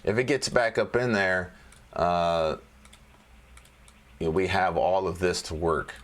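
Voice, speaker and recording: A man with a somewhat low voice talks his way through stock charts in a loose, joking manner. He repeats phrases as he thinks aloud and keeps it casual, like a relaxed trading lesson. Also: slow. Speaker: trading educator.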